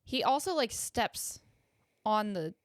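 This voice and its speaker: A young woman co-hosting a podcast, telling animated stories in casual chat, acting out quotes and swearing freely. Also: mid-range voice, slow, no echo, studio quality. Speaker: podcast co-host.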